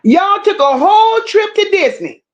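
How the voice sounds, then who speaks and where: Woman, livestream host, high voice, slow delivery, blunt and emphatic, reads chat and greets viewers. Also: big pitch swings. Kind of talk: casual livestream commentary reading chat.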